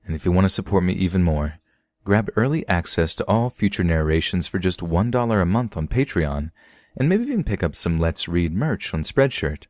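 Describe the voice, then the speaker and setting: A man narrating scary stories in a steady, even storytelling manner, as the host of a horror reading podcast. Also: sits low, moderate pace, no echo, clean studio sound. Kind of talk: scripted narration.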